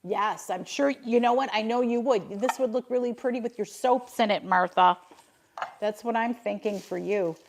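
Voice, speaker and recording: A woman's voice: fairly high pitch, normal speed, slight background noise. An older woman from Buffalo, New York, chatting casually on her livestream, reading out and answering viewers' comments and laughing often. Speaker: livestream host.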